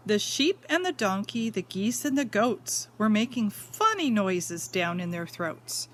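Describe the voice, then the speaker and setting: With a very animated, slightly bright mid-range voice, a woman teacher reads aloud from a picture book for young children in a slow, sing-song manner. She breaks off to point at the illustrations and pose questions to the class.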